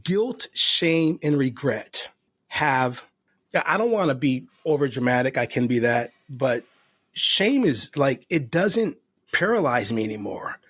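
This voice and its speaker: A man speaks earnestly as a podcast guest, his voice slightly husky. He tells his recovery story with heartfelt, emotional faith. The sound is dry and close. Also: mid-range voice, big pitch swings, measured pace, a bit bright, no echo. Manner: faith-filled. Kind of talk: personal testimony in conversation.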